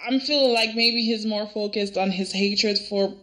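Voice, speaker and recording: Bright-voiced woman giving a casual reaction review. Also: mid-range voice, normal speed. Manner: animated, exasperated, talks straight to viewers. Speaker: soap opera reviewer.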